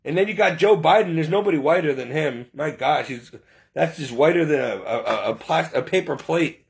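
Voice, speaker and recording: A man's voice: a little high, moderate pace, creaky. A man delivering an impassioned, preachy monologue, indignant and full of rhetorical questions.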